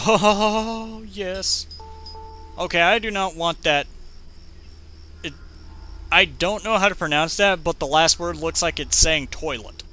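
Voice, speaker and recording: A man giving rambling, jokey gameplay commentary, talking fast when he gets excited. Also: a little high. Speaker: let's play commentator.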